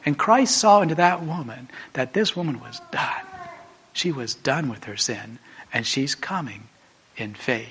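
A man preaching a sermon, telling a story emphatically and swinging from a hushed voice to a raised one. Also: medium pitch, lively intonation, unhurried, slight background noise.

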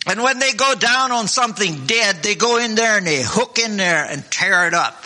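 Fervent high-voiced preacher in echoing church. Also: male voice, sharp tone. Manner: fervent, repetitive preaching with frequent throat-clearing. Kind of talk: sermon. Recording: long hall reverb.

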